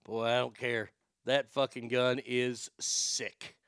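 A man giving crude, excitable casual commentary as he reacts to videos. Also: mid-range voice, takes it slowly, clean tone, no room sound, studio quality.

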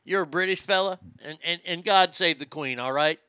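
A man with a high, bright, sharp voice rants crudely and mockingly. The sound is dry and close, with no room echo. He swears freely and throws jabs. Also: normal speed, clear, resonant tone. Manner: loud, profane, mocking, laughs at own jokes. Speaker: comedy podcast host. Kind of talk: crude comedic rant.

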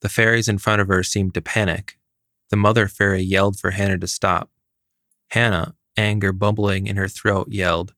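A man narrates a fairy tale in a steady, even manner. His voice is low. It is recorded dry, with no room sound. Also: moderate pace, no room sound. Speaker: story reader.

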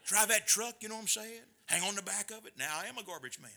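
A middle-aged man preaching a sermon, swinging between loud bursts and quiet asides. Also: high voice, expressive, quick pace, gravelly. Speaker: pastor.

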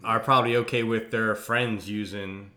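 A man's voice: fairly low pitch, steady tone, moderate pace, sharp tone. A man co-hosting a casual podcast, explaining himself earnestly and a bit defensively. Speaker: podcast co-host.

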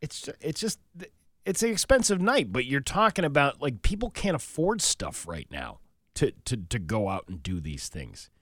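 A man's voice: mid-range voice, very animated, normal speed, fairly bright tone, no room sound, clean studio sound. A man co-hosting a casual podcast, reading local news stories and rambling about them with many restarts.

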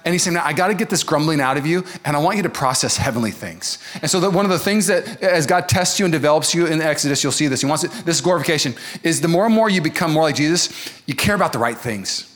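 A male pastor preaching a sermon to a church congregation, animated and acting out the voices of the people he quotes. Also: a little high. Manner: animated, acts out quoted voices, quick asides. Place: church service.

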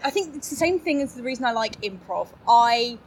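A woman's voice: on the high side, expressive, a little fast. Upbeat woman guest, laughs a lot, light faint noise on the track. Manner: bubbly, laughs often, self-mocking. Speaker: podcast guest. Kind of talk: casual interview chat.

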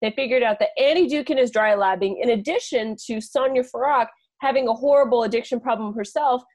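Slightly high-voiced woman, chatty co-host. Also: fairly quick, a little mellow. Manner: chatty, explains at length, laughs between points. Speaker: podcast co-host. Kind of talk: casual comedic chat.

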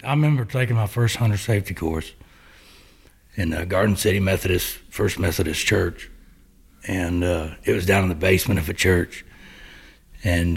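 A gravelly, deep-voiced man from Missouri, USA, joins a casual podcast chat as a guest. He's a laid-back storyteller who rambles and leans on fillers.

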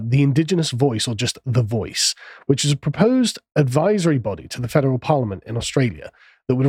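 Guy hosting a political chat, a bit husky, sardonic, dead dry sound. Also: mid-range voice, a little mellow, no room sound. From England. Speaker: podcast host. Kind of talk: casual political discussion.

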